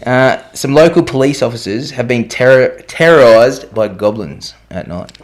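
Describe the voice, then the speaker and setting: A man's voice: mid-range voice, animated, moderate pace. A man co-hosting a podcast, reading out odd news in a dry, teasing way with hesitant fillers. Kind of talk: casual chat.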